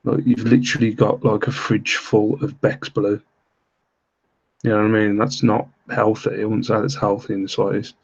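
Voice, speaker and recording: Hushed, low British man. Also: level tone, vocal fry, slightly rough, dull audio. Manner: deliberately quiet, hushed voice so as not to wake his kids; rambling, with many fillers and self-deprecating laughs. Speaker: live stream host reselling items online. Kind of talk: casual live-stream chat while reading viewer comments. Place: at home at night.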